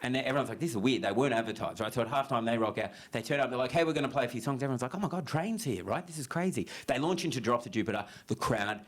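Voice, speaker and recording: A young Australian man doing a stand-up set, telling a story with lots of "right?" asides and jumping into loud, high impressions. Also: racing, hardly any pauses. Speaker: stand-up comedian. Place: comedy club stage with audience laughing. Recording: live club recording with audible noise.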